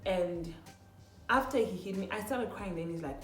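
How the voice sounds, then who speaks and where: A young woman with a fairly low voice tells a story straight to her viewers, animated and chatty, with lots of "literally" and "like". Her voice rings in a roomy space, and faint music plays underneath. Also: moderate pace. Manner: animated, says "literally" and "like" often, talks to viewers as "guys". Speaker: vlogger. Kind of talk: storytime, casual retelling.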